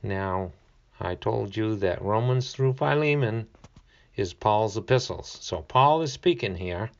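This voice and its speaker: A man teaches the Bible in a relaxed, conversational way, leaning on each key word. He talks very slowly and stops now and then to find his verse. The recording is dull and lo-fi. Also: lowish voice, gravelly. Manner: slow and deliberate, stressing key words; reads scripture aloud, pauses to find verses.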